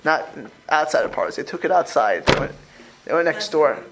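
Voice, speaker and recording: A man's voice: fairly high pitch, lively intonation, moderate pace, music in the background, poor audio. A man teaching a religious class as a rabbi, talking informally, repeating words and acting out quoted speech as he questions his listeners.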